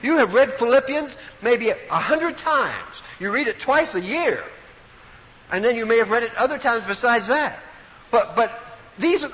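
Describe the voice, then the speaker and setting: An older preacher at a Bible study week delivers a sermon-style Bible talk, his extremely high voice moving at a normal speed. He is animated, folksy and emphatic, swinging from loud emphasis to sudden quiet asides. The recording carries hall reverb and faint noise.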